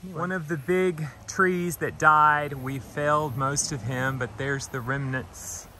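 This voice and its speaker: A man giving a gentle, affectionate walking tour of his farm outdoors, filmed on a handheld camera. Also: a little high, steady tone, measured pace, slight background noise. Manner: gentle, affectionate, talks to trees and animals. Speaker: vlogger touring his farm. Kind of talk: casual walking tour vlog.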